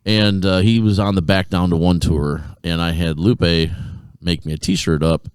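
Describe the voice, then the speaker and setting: A man co-hosting a podcast, telling a lively, profane anecdote in casual chat. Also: deep voice, a little slow, clear, resonant tone, no room sound, studio quality. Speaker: podcast co-host.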